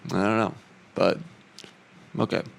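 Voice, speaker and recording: Low gravelly guy rambling through jokes, lots of "you know", slight fake southern drawl. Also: steady tone, measured pace. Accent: slight put-on southern American drawl. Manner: rambling, self-deprecating joke reading with fillers. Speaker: comedian. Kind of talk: casual stand-up monologue.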